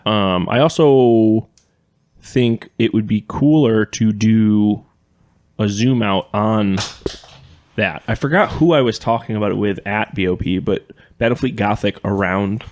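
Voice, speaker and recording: A man's voice: lowish voice, a little slow, darkish tone. A man co-hosting a casual podcast in a small studio, teasing his friends and laughing a lot. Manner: teasing, laughs a lot, talks over others. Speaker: podcast co-host. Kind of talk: casual chat.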